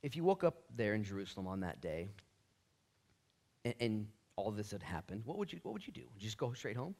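Animated preaching man, full of slang. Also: fairly low pitch, fairly quick, gravelly. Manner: animated, casual slang, jokey asides. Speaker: pastor. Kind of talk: sermon, Bible study teaching. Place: church.

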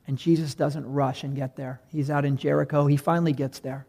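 A man preaching a sermon, reading scripture and retelling it with animated bursts of loud emphasis. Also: on the high side, normal speed, vocal fry. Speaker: pastor.

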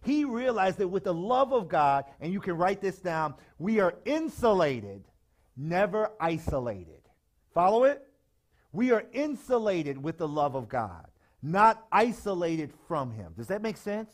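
A man preaching a sermon to a live congregation, leading call-and-response and breaking into loud shouts. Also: high voice, very animated, measured pace. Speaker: pastor. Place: church sanctuary with live congregation.

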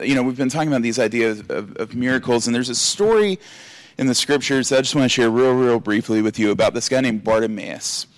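Pastor giving a lively sermon, dry close sound. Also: male voice, medium pitch, no echo. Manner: animated, acts out scolding and encouraging voices.

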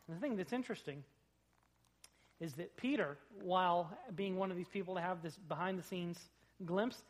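A man preaching a sermon in a church, animated, rising loud on quoted lines and dropping low between them. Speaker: pastor. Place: church sanctuary.

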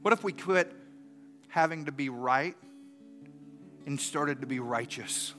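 A middle-aged man preaching a sermon and telling a story. He swings from soft and earnest to loud and animated. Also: medium pitch, a little slow, faint music behind. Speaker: pastor.

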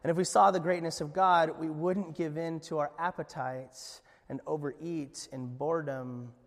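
High-voiced pastor preaching in a hall. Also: male voice, moderate pace. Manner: animated storytelling with many restarts. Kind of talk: sermon.

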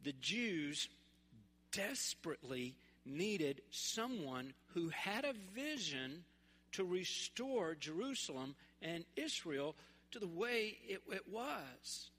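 A man from West Tennessee, preaching a sermon in a relaxed, conversational, humorous storytelling way. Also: fairly high pitch, takes it slowly. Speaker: pastor. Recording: echoey hall.

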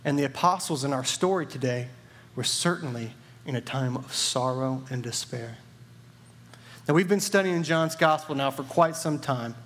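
Friendly male preacher, a bit high. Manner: friendly, joking, storytelling. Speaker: church partner preaching. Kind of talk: sermon.

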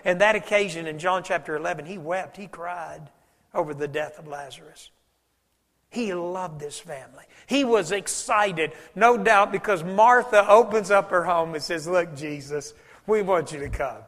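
A man preaching a sermon, telling folksy stories and dropping his voice low for emphasis. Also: moderate pace, a bit bright, in a large hall. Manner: folksy storytelling preacher, varies volume for emphasis. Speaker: pastor.

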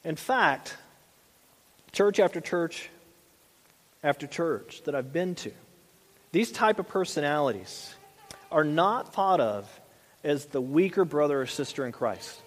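A man's voice: on the high side, animated, a little slow, pauses often. A man preaching a conversational sermon as a pastor, often repeating and restarting his phrases. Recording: long hall reverb.

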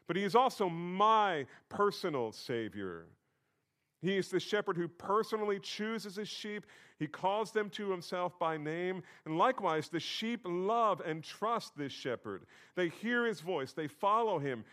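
A man's voice: high-pitched, animated, unhurried, fairly bright tone. Man preaching a conversational sermon. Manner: conversational teaching with emphatic repetition. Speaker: pastor.

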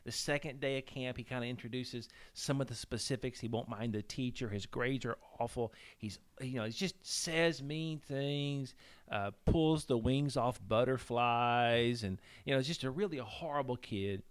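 A man hosting a podcast, telling a story in casual chat with halting restarts. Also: mid-range voice, clean tone. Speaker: podcast host.

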